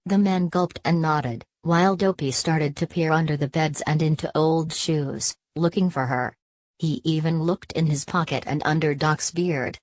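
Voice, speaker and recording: A woman narrating a children's storybook in an even, scripted reading voice. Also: deep voice, unhurried, no echo.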